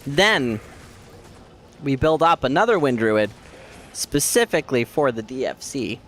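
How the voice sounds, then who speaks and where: A man's voice: medium pitch, expressive, a little slow, fairly bright tone, slight background noise. A man streaming a game, chatting casually and rambling with his viewers while his throat keeps catching. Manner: rambling, chatty, talks to chat. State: scratchy throat, coughing and clearing throat. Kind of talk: casual gaming stream chat.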